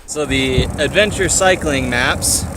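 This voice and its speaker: A man telling stories to his camera on a bike tour, chatty and quick to get excited. His voice sits a bit high, with faint outdoor noise behind him. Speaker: bicycle touring vlogger. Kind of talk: casual vlog narration. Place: outdoors on a mountain bike route.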